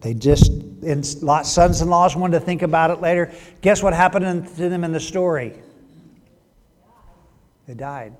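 A man's voice: fairly high pitch, moderate pace, long pauses. A middle-aged man, a pastor, delivering a sermon with emphatic swells and drops in volume. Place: church sanctuary. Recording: long hall reverb.

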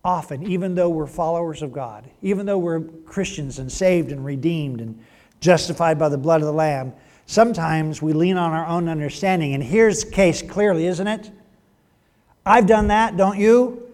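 A man's voice: fairly high pitch, normal speed, darkish tone, long reverb tail. A man teaching through a Bible passage in a conversational way, often asking listeners rhetorical questions.

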